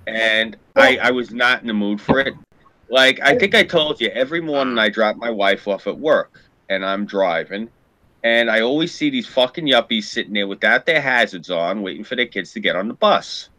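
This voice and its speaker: A man's voice: mid-range voice, animated, normal speed, sharp tone. A man in casual podcast chat, telling a profane, heated story and acting out what people said.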